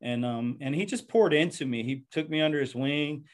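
A man's voice: a little high, moderate pace. A man who is a pastor, telling his life story in an earnest, reflective interview and often repeating words as he goes.

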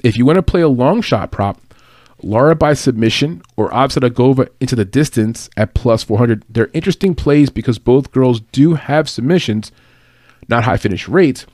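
A man's voice: medium pitch, darkish tone, dry recording. Man, casual betting analyst, chatty, laughs at himself, dry close sound. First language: English. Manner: chatty, laughs at own remarks, lots of fillers. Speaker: fight analyst and betting tipster. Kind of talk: casual spoken fight predictions.

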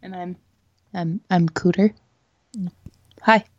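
A woman's voice: fairly low pitch, fairly even intonation, slow, highs cut off. A woman from Michigan, co-hosting a podcast in casual, playful, teasing chat. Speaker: podcast co-host.

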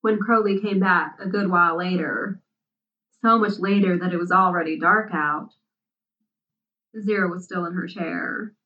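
A woman narrating a story aloud in an unhurried, soft-spoken way. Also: on the low side. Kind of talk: storybook reading. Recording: dull, distant sound.

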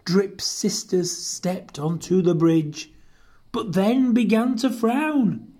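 A storyteller reading a rhyming picture book aloud with an expressive, lilting delivery. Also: mid-range voice, slow.

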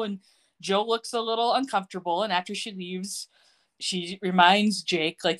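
A woman in casual podcast chat, animated and quick to laugh as she retells scenes. Her pitch sits in the middle range for a woman, and she moves easily between narrating and quoting. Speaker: podcast co-host. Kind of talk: casual chat recapping a TV show.

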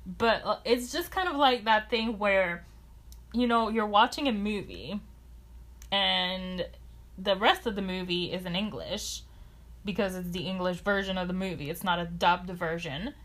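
A woman's voice: medium pitch, a little slow, a bit bright. A woman co-hosting a podcast in casual chat, rambling and hesitant as she works out her thoughts. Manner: rambling, hesitant, fillers and restarts. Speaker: podcast co-host.

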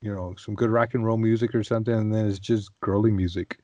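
Low-voiced, halting podcast co-host man. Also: fairly even intonation, mellow, dry recording, dull audio. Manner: halting, repeats words. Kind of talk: casual chat among friends.

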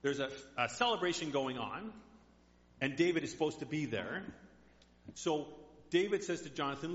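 A man's voice: a little high, animated, normal speed, fairly bright tone. A male pastor delivering a sermon in a chatty storytelling manner in a church. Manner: conversational storytelling. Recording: dull echoey hall.

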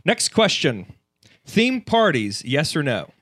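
Relaxed teasing man co-host. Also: a little high, takes it slowly, dry recording, studio quality. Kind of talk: casual podcast quiz.

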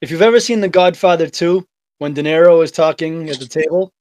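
A man from Revere, Massachusetts, with a Boston accent, co-hosts a casual podcast, telling stories and swearing freely. His voice is on the high side and darkish, and he speaks briskly.

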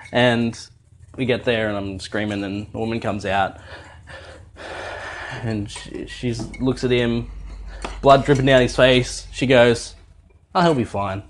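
A young man, a dad telling a family story in a lively, laughing way, swearing freely while he cooks at home in the kitchen. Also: medium pitch, slight background noise. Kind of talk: animated casual storytelling.

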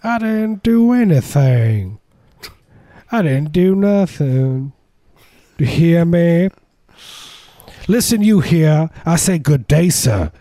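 A man playing an exaggerated Southern man who speaks in a slow, overly polite, folksy drawl. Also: a little high, expressive, warm tone, no room sound, clean studio sound, pitched above the performer's own voice. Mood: pleading.

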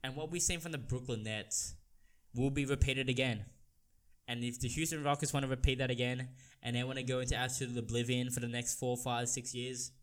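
A young man from Australia hosting a solo sports podcast, talking in an animated, heated way with many restarts. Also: mid-range voice, brisk. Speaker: podcast host.

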